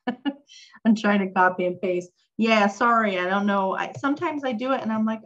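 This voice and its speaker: Chatty and prone to ums, this woman hosts an easygoing online Hebrew lesson, reading viewers' chat questions out loud and answering them. She speaks at normal speed in a mid-range voice, with the high frequencies cut off.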